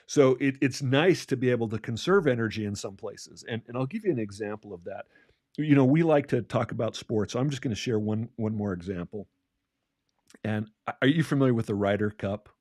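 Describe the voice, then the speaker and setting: A man's voice: medium pitch, a little mellow, no echo. Man telling stories with a dry sound. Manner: many restarts and repeated words, storytelling. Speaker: podcast co-host, leadership coach. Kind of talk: conversational podcast talk.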